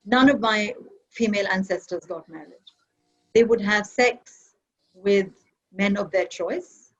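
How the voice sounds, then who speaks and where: A woman's voice: mid-range voice, unhurried, highs cut off. A woman from Kerala, India, speaking on an online panel in a reflective, argumentative academic manner.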